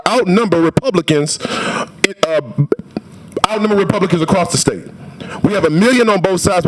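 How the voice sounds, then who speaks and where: A man testifying at a legislative hearing, speaking forcefully and repeating phrases for emphasis. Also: fairly high pitch. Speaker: public witness testifying at a state senate hearing. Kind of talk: impassioned public testimony. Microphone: standing microphone at a podium.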